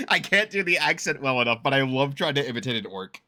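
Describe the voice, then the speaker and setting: Bright, lively man rambling casually. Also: mid-range voice. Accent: American. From United States. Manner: rambling, laughs often, self-mocking. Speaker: reaction streamer. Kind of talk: casual reaction commentary.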